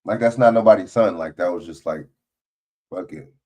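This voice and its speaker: A man's voice: lowish voice, moderate pace, a little mellow. A man hosting a livestream, giving blunt, profane, casual political commentary and often asking "you know what I'm saying". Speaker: livestream host. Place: home studio, livestream.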